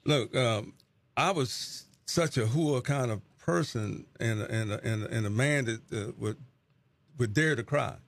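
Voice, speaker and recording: A man's voice: mid-range voice, slow, creaky. A middle-aged man, a pastor, giving an earnest, reflective testimony as an interview guest and often repeating words as he searches for them.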